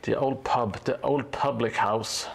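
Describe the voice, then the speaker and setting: A man streaming while he paints, chatting casually in a halting way with dry, sarcastic jokes. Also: medium pitch, fairly even intonation, creaky, slightly rough. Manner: halting, with many hesitations. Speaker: hobby streamer painting a gaming board.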